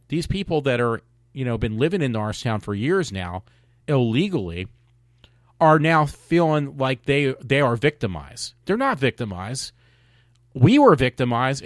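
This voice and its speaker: A man hosting a podcast, ranting in a rambling, halting way with many restarts and fillers. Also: mid-range voice, no echo, studio quality. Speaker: podcast host. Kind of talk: casual opinion monologue.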